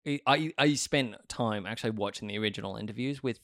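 A man's voice: on the low side, fast, no echo, studio quality. Laughing man in casual film chat. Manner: animated, laughs often, stumbling restarts.

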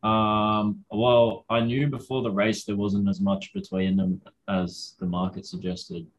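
A young Australian man, a university student, co-hosting a racing podcast in a relaxed, dryly joking way. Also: lowish voice, a little slow, highs cut off. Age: young adult. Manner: relaxed, dry humour, hedging. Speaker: podcast co-host. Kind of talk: casual chat.

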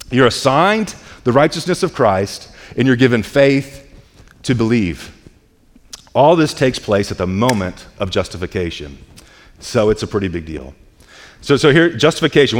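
A man preaching a sermon as pastor, earnest, often repeating words as he restarts, building to louder peaks. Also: medium pitch. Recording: long reverb of a church hall.

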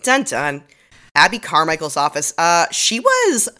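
A woman podcast co-host with a low-pitched voice and a bright, crisp edge. She talks casually through an episode recap, adding dry, sarcastic remarks. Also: huge pitch swings, measured pace. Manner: sarcastic, wry commentary.

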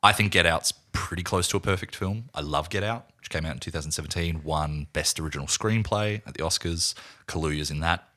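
A man's voice: sits low, brisk, sharp tone. A man co-hosting a film podcast in casual chat, rambling and laughing easily. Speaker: podcast co-host.

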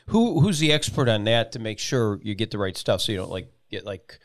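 A man's voice: on the low side, sing-song, fairly quick. A man hosting a talk show, chatting casually and often restarting his sentences. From Columbus, Georgia. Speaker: radio show host.

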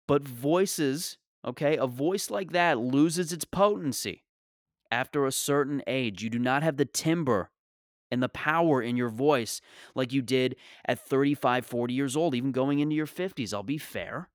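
A man's voice: mid-range voice, a little slow, no echo, studio quality. A male comedian delivering a sarcastic, exasperated rant in a monologue.

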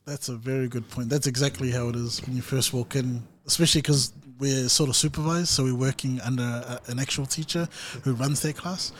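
A man hosting a podcast interview, who asks thoughtful questions in a measured way with frequent ums. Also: mid-range voice, fairly even intonation, slight background noise. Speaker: podcast host, student teacher. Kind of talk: casual interview.

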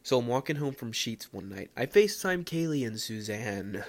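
A young man from the Philadelphia area hosting a casual solo podcast, rambling and self-mocking with excitable bursts. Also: medium pitch, moderate pace. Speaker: podcast host.

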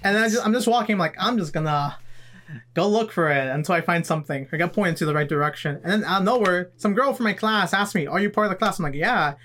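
A man's voice: high-pitched, fast talker, pushed and bright. A young man, a podcast co-host, telling a rambling story in casual chat and acting out what everyone said. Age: young adult. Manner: rambling storyteller, acts out quotes. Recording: scuffed in-person audio.

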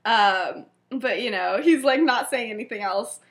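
A woman's voice: on the high side, measured pace, a bit bright. A young woman co-hosting a podcast, retelling a story in casual chat, giggling often and acting out quoted lines with lots of fillers. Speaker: podcast co-host.

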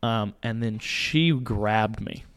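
A young man, a podcast co-host, casually telling a story in a small home studio, animated, acting out voices and laughing. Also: on the low side, slow, clean tone. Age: young adult.

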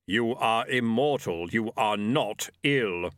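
A man voicing Death, a grave male personification of death who speaks slowly and solemnly. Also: on the low side, expressive, no room sound, studio quality.

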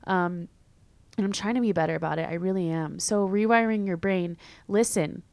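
A young woman hosting a podcast, talking casually and candidly with many fillers and quick laughs. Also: medium pitch, a little mellow, no echo. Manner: chatty, filler-heavy, candid, laughs easily. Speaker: podcast host. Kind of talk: casual solo podcast chat.

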